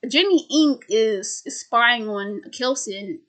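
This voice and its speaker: Young woman, stutters, casual film recap, somewhat high voice. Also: animated, slow, a bit bright. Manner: stutters, restarts words. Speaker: video creator.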